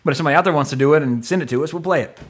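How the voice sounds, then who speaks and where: A middle-aged man hosting a podcast, rambling through a movie review with quick asides and casual swearing. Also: on the high side, slightly rough. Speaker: podcast host.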